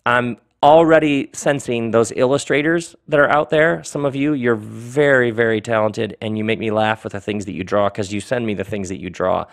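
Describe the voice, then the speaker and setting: A man's voice: medium pitch, moderate pace, vocal fry, hardly any pauses. Playful male podcast host. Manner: animated, joking, laughs often. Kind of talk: playful monologue and reading aloud.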